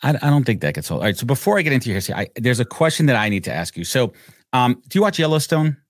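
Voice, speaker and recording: Man, podcast host, rapid talker, stumbles into questions, dry close recording. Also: medium pitch, sing-song, dry recording. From United States. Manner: stammers on starts, eager questions. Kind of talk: casual interview chat.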